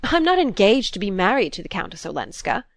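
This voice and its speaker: A woman voicing a moody, sardonic young gentleman lawyer in a book reading, with dry, scornful retorts. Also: medium pitch, big pitch swings, a little fast, no echo.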